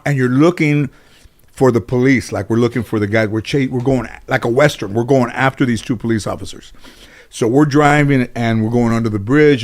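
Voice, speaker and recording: Rambling middle-aged man telling stories. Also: medium pitch. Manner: rambling, anecdotal, lots of fillers and restarts. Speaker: interview guest, comedian and actor. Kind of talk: casual storytelling in an interview.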